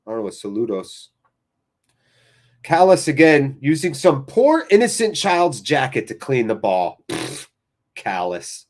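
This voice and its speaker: An American man hosting a live fan watchalong, calling the play and chatting with viewers in an excitable, chatty way. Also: medium pitch, unhurried, pauses often. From United States.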